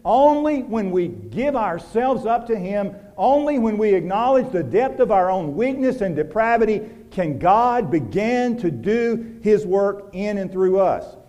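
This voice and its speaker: A pastor preaching a sermon, moving from loud urgent passages to hushed, quiet ones and asking the congregation direct questions. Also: male voice, big pitch swings, unhurried, hardly any pauses, dull audio. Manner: preaching with wide swings from loud urgency to hushed, low intimacy.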